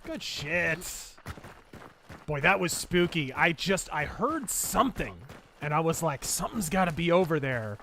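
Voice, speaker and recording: A man's voice: a little high, sing-song, a little slow, sharp tone, a little hiss or hum. A man live-streaming a shooter game, chatting bluntly and swearing as he plays and answers viewers. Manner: profane, blunt, laughs easily. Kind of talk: casual live-stream chat while gaming.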